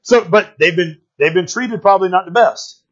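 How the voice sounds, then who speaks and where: A man's voice: high-pitched, moderate pace, a bit bright, highs cut off. A man preaching a sermon as pastor, emphatic, often repeating words and asking "right?" to the congregation.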